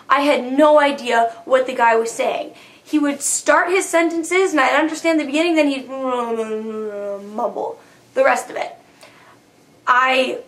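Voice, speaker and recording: A woman's voice: a little high, fairly bright tone. A young woman, a university freshman, telling a rambling personal vlog story, chatty with many fillers, acting out her own inner panic in quotes. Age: young adult.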